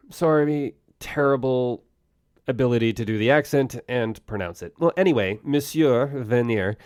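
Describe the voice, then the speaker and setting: A man hosting a solo podcast on science history, telling it conversationally with wry jokes and quick asides. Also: mid-range voice, darkish tone, dry recording, clean studio sound. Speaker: podcast host.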